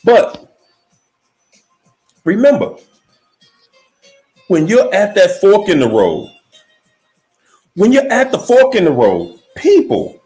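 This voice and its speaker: A man giving a motivational speech in an emphatic, repetitive preaching cadence, slowing down to stress key words, with faint music behind. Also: high voice, wildly swooping pitch, warm tone. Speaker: motivational speaker.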